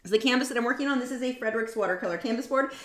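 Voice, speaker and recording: A woman's voice: on the high side, rapid-fire, fairly bright tone. A woman hosting a live painting demo, chatting in a rambling, self-mocking way with many tangents. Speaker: artist hosting a painting livestream. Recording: roomy echo.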